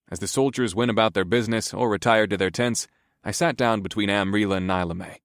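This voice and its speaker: A man narrating a first-person fantasy audiobook in a steady, even manner. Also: lowish voice, fast talker, dry recording, studio quality.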